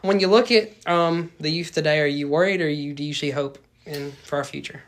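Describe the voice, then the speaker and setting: A man's voice: fairly high pitch, fairly quick. A young man hosting a podcast, chatting casually and rambling with lots of fillers and quoted asides. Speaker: podcast host. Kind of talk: casual interview chat.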